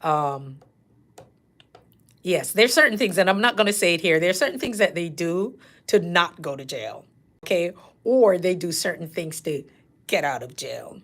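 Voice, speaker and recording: A middle-aged woman tells stories in a relaxed, chatty way, her voice sitting a little low. She laughs easily and jumps into playful impressions of the people in her stories. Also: moderate pace. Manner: animated, laughing, acts out patients' lines. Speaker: nurse coach and channel host. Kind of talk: casual storytelling.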